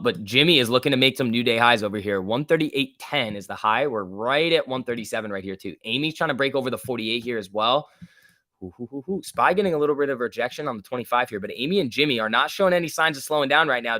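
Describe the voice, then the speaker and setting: A man hosting a live market stream talks casually over a close mic. His voice sits at an ordinary middle pitch, and the sound is dry with no room echo. He jokes and reads viewer messages aloud. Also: pushed and bright. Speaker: livestream host. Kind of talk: live market commentary and chat reading.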